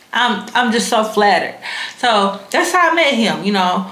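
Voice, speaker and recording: A young woman vlogger tells her audience a story in a frank, slangy, casually profane way. Her mid-range voice is expressive and a bit bright, and she takes it slowly, with a roomy echo on the recording.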